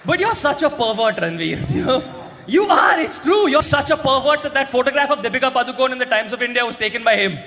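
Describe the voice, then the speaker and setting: A man doing a stand-up roast on stage, mocking his targets with crude punchlines and often shouting them. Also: very high voice, quick pace, gravelly. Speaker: roast comedian. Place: large hall with a live audience. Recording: echoey hall recording with crowd noise.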